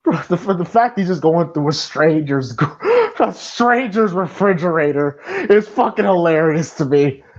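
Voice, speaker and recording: High, animated man on lo-fi audio. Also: normal speed, few pauses. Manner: profane, excitable, rambling with fillers. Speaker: podcast co-host. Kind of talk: casual movie commentary chat.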